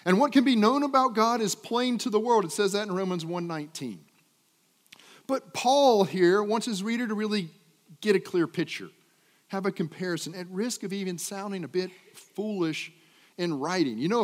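Preaching man in a reverberant hall. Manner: dynamic preaching, loud emphatic peaks and low trailing phrase ends. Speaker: pastor. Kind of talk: sermon.

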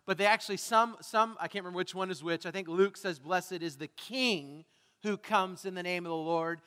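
A man's voice: sits high, moderate pace, sharp tone, clear, resonant tone, in a large hall. A man preaching a sermon as pastor, talking conversationally, asking the congregation questions and making self-deprecating asides. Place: church sanctuary.

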